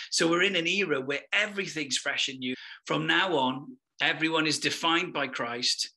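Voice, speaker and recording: A man teaching a spiritual session, exuberant with sudden whoops, then slowing into a soft voice to guide breathing. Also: on the high side. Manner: drops to a soft, slow guiding voice in meditation. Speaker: Christian teacher.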